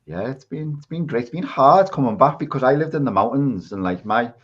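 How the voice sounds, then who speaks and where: His medium-pitched voice is husky, animated and a little fast, carrying a Scouse accent from England. As a podcast guest on a video call he rambles through his story in casual conversation, recorded with dull lo-fi sound.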